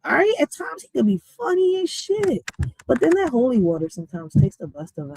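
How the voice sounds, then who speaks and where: Animated, laughing woman streamer. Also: high voice, a little fast, creaky, a little hiss or hum, poor audio. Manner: animated, laughing, slangy, swings between loud and quiet. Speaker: livestream host. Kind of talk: casual livestream talk.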